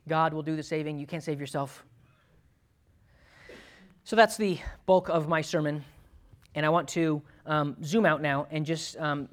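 Emphatic conversational male pastor. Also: fairly high pitch. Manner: emphatic, conversational preaching with frequent "okay?" and "um". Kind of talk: sermon.

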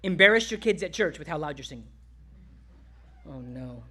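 A male pastor preaching a sermon, exhorting the congregation and dropping to quiet, tender asides. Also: high voice, animated, very fast.

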